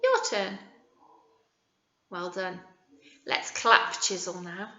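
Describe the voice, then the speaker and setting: A woman teacher with a British accent leading a young children's phonics lesson, modelling words slowly and encouragingly. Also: medium pitch, lively intonation, pushed and bright. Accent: British English. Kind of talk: early years phonics lesson. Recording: echoey room, dull lo-fi sound.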